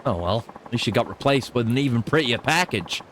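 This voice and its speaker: A man's voice: medium pitch, expressive, brisk, a bit bright, a little hiss or hum, natural voice. A man reading out the lines of a sleazy, pushy male street barker from a video game. His delivery is leering and full of come-ons.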